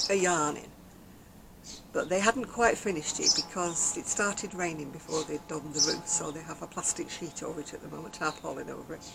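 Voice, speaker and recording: An Englishwoman with a low voice and vocal fry vlogs about her crochet from a garden deck outdoors, with background noise. She's a chatty, rambling storyteller who laughs often.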